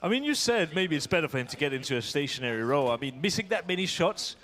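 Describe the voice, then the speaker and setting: A man giving live esports color commentary, talking in a hesitant way with many pauses and restarts. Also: on the high side, very animated, a bit bright.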